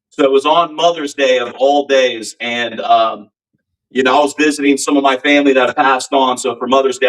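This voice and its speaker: A man's voice: mid-range voice, fairly bright tone, distant mic, rough recording. A man who sings in a rock band, telling stories in a casual interview in an earnest, rambling way with many fillers. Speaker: band singer, guest.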